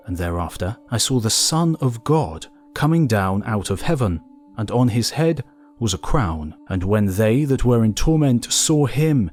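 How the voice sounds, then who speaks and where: A man giving a scripted reading of archaic scripture in a slow, solemn manner. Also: mid-range voice, big pitch swings, a little mellow, faint music behind. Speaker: reader.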